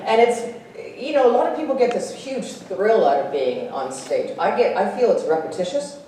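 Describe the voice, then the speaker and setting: Animated woman on a convention panel, pitch jumps all over, laughs a lot, echoey hall, sounds far from the mic. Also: moderate pace. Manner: animated, laughs often, acts out voices. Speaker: guest actress at a convention panel. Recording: echoey hall, distant, faint hiss.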